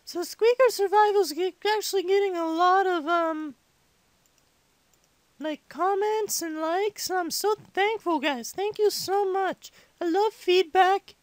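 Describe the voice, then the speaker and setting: Super squeaky little kid voice, hyper and rambly, gaming commentary, dry close sound. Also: male voice, measured pace, no echo. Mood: chatty. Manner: rambling, excitable, chatty. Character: squeaky hyper five-year-old boy gamer. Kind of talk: comedic let's-play commentary.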